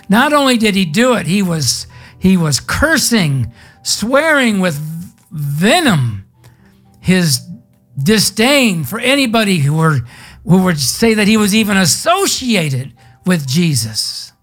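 A pastor giving a sermon in a folksy, conversational storytelling way with casual slang. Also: medium pitch.

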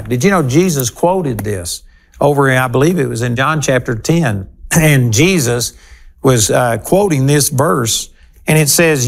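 A man's voice: medium pitch, lively intonation, unhurried, vocal fry. A man teaching the Bible on his broadcast program. He talks straight to his listeners, and his voice leaps up on key points. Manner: emphatic, talking straight to listeners.

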